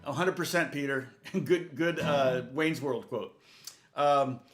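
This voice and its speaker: A man's voice: medium pitch, slow pace. A man teaching guitar in a chatty, rambling way, laughing often and speaking to viewers by name, with guitar playing behind him. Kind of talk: live-streamed guitar lesson chat.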